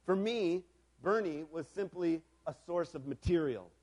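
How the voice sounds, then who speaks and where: A man with a high-pitched voice delivers a storytelling sermon. He moves between hushed, reflective passages and loud, emphatic preaching. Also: expressive, unhurried.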